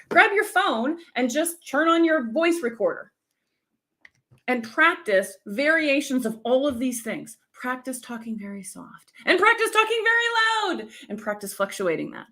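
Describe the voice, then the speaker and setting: A middle-aged woman coaches viewers during a live stream, with a fairly high and very animated voice that swoops up and down. She sounds energetic and teacherly, checking in with her audience at every turn. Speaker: speaking coach.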